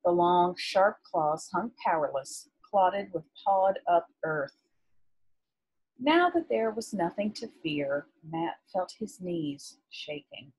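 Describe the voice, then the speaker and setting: A woman teacher reading a novel aloud to her class in a measured, expressive way, with brief asides to her students. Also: on the low side, husky, rough recording.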